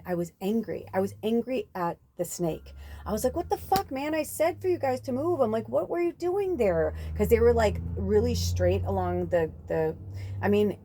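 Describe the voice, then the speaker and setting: A woman's voice: fairly low pitch, mellow. A woman hosting a spiritual podcast, talking in a casual, rambling monologue full of fillers and the odd swear word.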